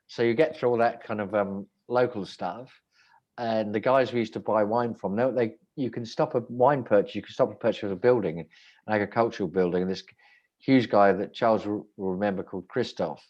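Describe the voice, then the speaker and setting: Guy, bit low-pitched, chatty restaurant owner, wry, keeps restarting his sentences. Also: steady tone, fairly quick, a little mellow, lo-fi sound. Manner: rambling, self-interrupting, wry. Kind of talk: casual anecdotal chat.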